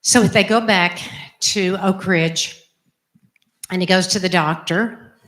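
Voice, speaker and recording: An older woman, a religious sister, telling a personal story in an animated, emphatic way. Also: lowish voice, takes it slowly. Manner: animated, emphatic, acts out quotes. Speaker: religious sister giving a testimony. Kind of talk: storytelling talk.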